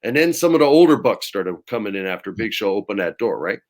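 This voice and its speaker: A man in his forties, the guest of an interview, telling lively, laughing anecdotes in casual chat. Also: lowish voice, fast. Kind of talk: casual storytelling.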